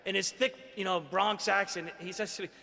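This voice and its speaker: A man from Queens, New York, gives a gala acceptance speech with a slightly high, bright and forceful voice. He tells his story earnestly and pokes fun at himself along the way. His words ring out with a long reverb through a large banquet hall. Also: steady tone, fairly quick, gravelly. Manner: earnest, self-deprecating storytelling. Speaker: award honoree giving a speech.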